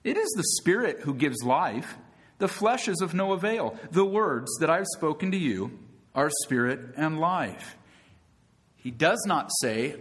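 Guy preaching a sermon, kinda high voice, swings way up when he gets emphatic, keeps asking the church "right?". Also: animated, measured pace, a bit bright. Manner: addresses congregation as friends, asks rhetorical questions. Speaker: pastor.

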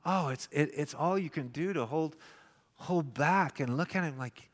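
A man preaching a sermon, dramatic, acting out the quotes loudly and then dropping to a hush. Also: on the high side, moderate pace. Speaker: pastor. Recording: long echoing reverb of a large hall.

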